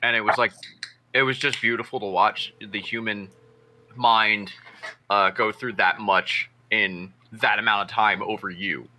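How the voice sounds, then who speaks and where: A man's voice: lowish voice, unhurried, a little hiss or hum. A man co-hosting a casual streamed podcast, telling stories animatedly and acting out what people said, with lots of swearing. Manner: animated storyteller, acts out quotes, lots of swearing. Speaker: podcast co-host. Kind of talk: casual chat.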